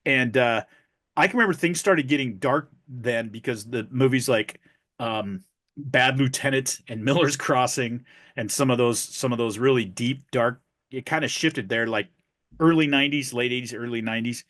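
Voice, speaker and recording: A man's voice: mid-range voice, moderate pace, fairly bright tone. A man in his fifties co-hosting a podcast, telling rambling stories and jokes in casual chat. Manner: rambling storyteller, many restarts, tells jokes. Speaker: podcast co-host.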